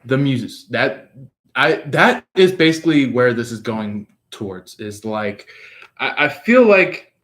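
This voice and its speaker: A man giving a casual tarot reading at an unhurried pace, wandering through his thoughts with fillers and restarts. His pitch sits mid-range and he talks directly to his viewers. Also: very animated, fairly bright tone. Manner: rambling, many fillers and restarts. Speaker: tarot reader.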